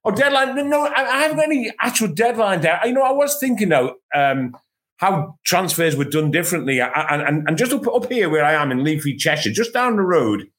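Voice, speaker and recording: Middle-aged guy from england spinning football yarns, bit higher voice, keeps restarting. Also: a little fast. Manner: anecdotal, animated, lots of restarts. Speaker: podcast co-host and former footballer. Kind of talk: casual chat, storytelling.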